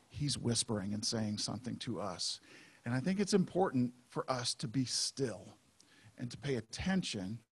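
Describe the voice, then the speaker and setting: A man preaching a sermon as pastor, in a conversational, unhurried way with frequent fillers. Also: mid-range voice, husky.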